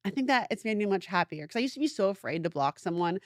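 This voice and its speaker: A woman's voice: medium pitch, expressive, fast talker, dry recording, studio quality. A young woman co-hosting a podcast, chatting casually and bluntly, swearing and saying "like" often. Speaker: podcast co-host. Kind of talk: casual chat.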